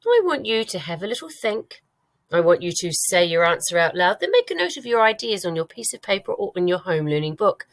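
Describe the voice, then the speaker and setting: A woman's voice: lowish voice, very animated, normal speed, dry recording. Patient British woman teaching a reading lesson. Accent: British English. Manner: clear, patient instructions to pupils. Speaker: primary school teacher.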